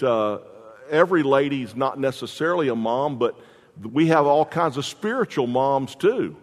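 Folksy pastor preaching in a hall. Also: male voice, mid-range voice. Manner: folksy storytelling with repeated restarts. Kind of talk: sermon.

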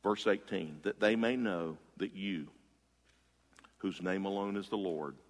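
A man preaching a sermon in a conversational style, swinging between loud emphatic bursts and hushed low asides to the congregation. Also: a little slow, big-room sound. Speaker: pastor.

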